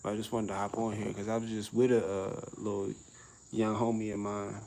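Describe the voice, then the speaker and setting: A man's voice: on the low side, little pitch movement, a little fast, mellow, poor audio. A middle-aged man vlogging outdoors on a summer evening, talking in a laid-back, slangy way and laughing often. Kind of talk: casual outdoor vlog rant.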